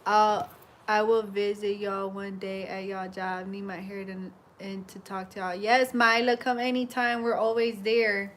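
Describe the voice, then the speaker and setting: A young woman chatting casually on a livestream while she works, telling stories with animated energy and laughing as she goes. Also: medium pitch, unhurried, a little hiss or hum. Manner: greets and chats with live viewers. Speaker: hair braider livestreaming.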